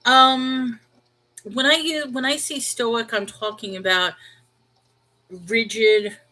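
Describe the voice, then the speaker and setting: A woman's voice: fairly high pitch, steady tone, takes it slowly, poor audio. New York woman chatting live. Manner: talks things through out loud, reacting to viewer comments. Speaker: livestream host. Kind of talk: casual live-chat reply.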